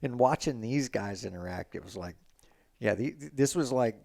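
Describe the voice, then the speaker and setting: A middle-aged man, a former racing champion, telling stories in a relaxed, casual podcast conversation with frequent restarts. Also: mid-range voice, moderate pace, creaky. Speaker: guest, retired road racing champion.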